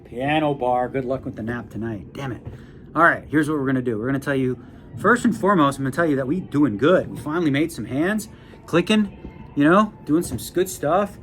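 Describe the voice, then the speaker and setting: A man's voice: mid-range voice, animated, fairly quick, slight background noise. A middle-aged Canadian man vlogging casually to camera, chatty and joking, swearing freely as he explains poker hands. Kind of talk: casual vlog talk to camera. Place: busy casino tournament room. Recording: crowd chatter behind.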